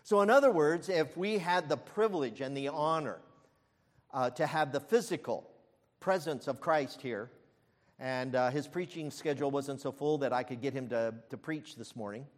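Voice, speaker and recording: A man preaching a sermon as pastor, emphatic, with frequent fillers and restarts and loud peaks. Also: mid-range voice, moderate pace, in a large hall.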